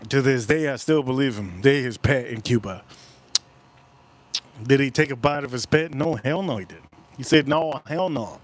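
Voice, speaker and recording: A man's voice: mid-range voice, normal speed, pauses often. A man hosting a casual livestream, rambling through stories, swearing casually and repeating himself as he talks. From United States. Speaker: whiskey livestream host.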